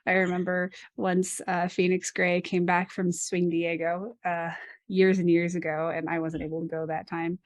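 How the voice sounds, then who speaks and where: A woman's voice: on the low side, level tone, normal speed, no room sound. A woman co-hosting a dance podcast, explaining partner technique in casual chat, laughing often and adding playful asides. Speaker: dance instructor co-host.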